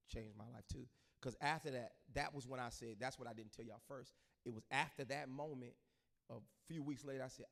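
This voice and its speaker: A man's voice: mid-range voice, a little fast, vocal fry. A middle-aged man, a pastor talking casually to his congregation and acting out the voices in his stories. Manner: animated storyteller, acts out quoted voices.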